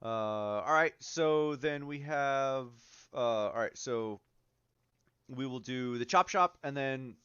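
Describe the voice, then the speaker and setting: Smooth-voiced man running a tabletop game. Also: medium pitch, takes it slowly, no room sound. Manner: relaxed, many ums and uhs. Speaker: game master. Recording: dull lo-fi mic, dry.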